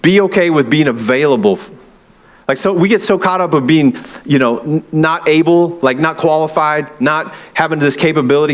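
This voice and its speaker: A young adult man preaching a sermon in a conversational way, with many fillers and playful acted-out quotes. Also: on the high side. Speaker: pastor.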